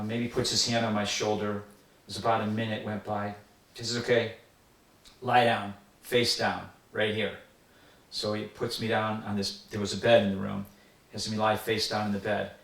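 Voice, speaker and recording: Older man, low gravelly voice, earnest and reflective storyteller; roomy, off-mic recording. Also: level tone, normal speed, fairly bright tone. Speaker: interviewee recalling a spiritual teacher. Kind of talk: personal reminiscence. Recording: roomy sound from a distant mic.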